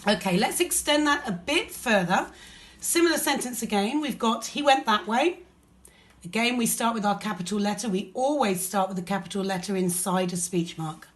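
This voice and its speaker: English woman teacher going slow and clear through a lesson, patient, mid pitch. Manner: patient, explains step by step. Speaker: primary school teacher.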